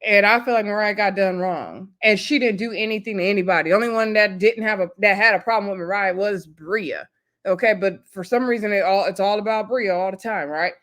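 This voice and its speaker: A woman chats her way through a reality show recap, sharing her opinions freely. She retells the scenes with quoted lines in a gossipy, conversational flow, at a middle pitch for a woman. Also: brisk, fairly bright tone. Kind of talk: casual recap commentary.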